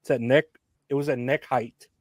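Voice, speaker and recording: A man co-hosting a podcast, casually recapping a film with frequent laughs and halting restarts. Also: mid-range voice, fairly even intonation, no room sound, clean studio sound. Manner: laid-back, laughs often, halting restarts. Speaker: podcast co-host.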